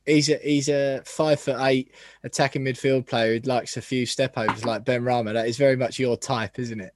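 A man hosting a casual football podcast, chatty and quick to laugh as he puts questions to his co-hosts. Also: medium pitch, steady tone, background noise. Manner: chatty, laughs often, asks the others questions. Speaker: podcast host.

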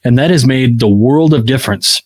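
A man co-hosting a podcast in casual chat, talking in a relaxed, rambling way with lots of fillers. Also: mid-range voice, normal speed, a little hiss or hum. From Illinois, US. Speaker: podcast co-host.

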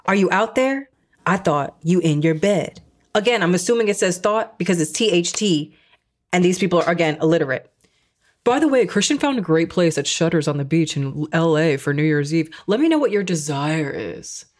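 A woman with a lowish voice co-hosting a chatty podcast. She reads text messages aloud with heavy sarcasm and mockery, slipping into casual commentary between them. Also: fairly quick. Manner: sarcastic, mocking. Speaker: podcast co-host. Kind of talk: casual chat, reading texts aloud.

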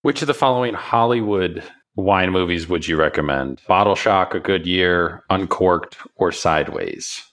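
A man interviewing a guest, asking brisk quick-fire questions. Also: sits low, fairly bright tone.

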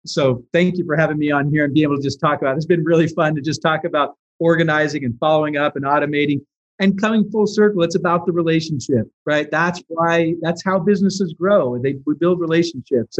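A man's voice: a little high, steady tone, quick pace, muffled recording. A male interview guest explaining business ideas in an earnest way, often repeating words as he starts his sentences. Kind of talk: conversational interview.

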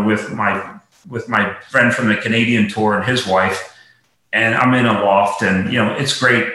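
Pennsylvania-raised golf pro guest, rambling storyteller; bright, forceful tone in a very echoey room. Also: male voice, mid-range voice. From Lancaster, Pennsylvania. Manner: rambling, many "you know" fillers. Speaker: podcast guest, golf professional. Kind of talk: casual storytelling.

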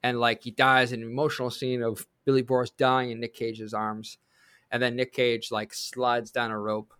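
Man, podcast co-host, casual chat, pitching ideas, fillers, dry sound. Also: normal speed, smooth, no room sound. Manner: brainstorming with lively bursts, fillers.

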